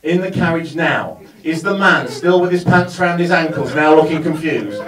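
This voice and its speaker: A man performs stand-up, spinning a long anecdote with a wry, building delivery. His voice sits a little high. He is caught from a distance in a roomy, echoing venue. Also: lively intonation, moderate pace, fairly bright tone. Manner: wry, storytelling, building to punchlines. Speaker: stand-up comedian. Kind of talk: stand-up comedy set. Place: live comedy venue with audience. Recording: roomy sound, mic far from speaker.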